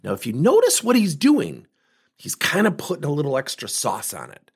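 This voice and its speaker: A man's voice: a little high, moderate pace, husky. A man coaching on sales, telling stories and acting out both sides of the conversations. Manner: lively storyteller who acts out both sides of conversations. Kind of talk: storytelling talk.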